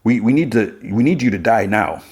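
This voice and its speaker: A man's voice: lowish voice, animated, a little fast, darkish tone, husky. A man voicing a self-righteous man who lectures and shifts the blame, in a podcast recap. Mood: lecturing. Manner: preachy, lecturing.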